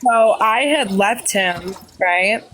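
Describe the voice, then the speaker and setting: A woman from California, calmly explaining herself as a guest on a live stream. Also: medium pitch, takes it slowly, noisy background. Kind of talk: casual chat.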